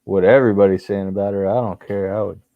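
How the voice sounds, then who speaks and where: A man's voice: lowish voice, fairly even intonation, fast, no room sound. A man calling into a livestream, talking bluntly and crudely and laughing through the banter. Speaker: guest caller. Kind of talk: casual livestream chat. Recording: dry, dull lo-fi call audio.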